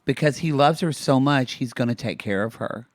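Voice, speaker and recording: A man's voice: mid-range voice, moderate pace, no room sound. A man co-hosting a podcast, recapping a reality show in playful, campy chat. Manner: playful, campy, quotes the cast in asides. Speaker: podcast co-host. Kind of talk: casual comedic recap chat.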